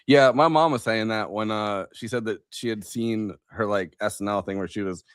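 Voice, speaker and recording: A man's voice: on the low side, normal speed, clean tone, no room sound, clean studio sound. A man co-hosting a podcast in casual chat, laid-back and trailing off with fillers and restarts. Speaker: podcast co-host.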